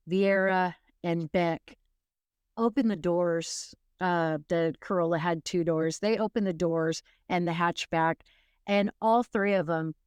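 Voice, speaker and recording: A woman's voice: lowish voice, smooth, dry recording, studio quality. A woman hosting a true crime podcast, retelling a case in casual, rambling storytelling with wry asides and frequent restarts.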